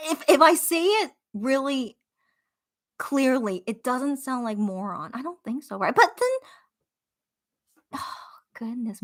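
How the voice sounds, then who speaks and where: A woman with a high-pitched voice hosts a casual live stream, chatting with viewers. She thinks out loud, repeats phrases to herself, and giggles often.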